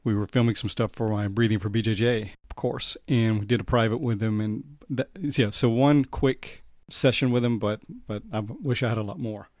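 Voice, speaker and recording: A man hosting a podcast in relaxed, casual chat, often restarting his sentences. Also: fairly low pitch, normal speed, few pauses, no room sound, clean studio sound. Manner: relaxed, conversational, many restarts. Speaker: podcast host.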